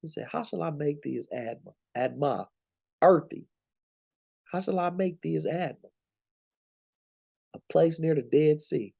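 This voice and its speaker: Gravelly, animated man teaching scripture. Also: on the high side, measured pace, pauses often. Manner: conversational, preachy, slangy and emphatic. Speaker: Bible teacher.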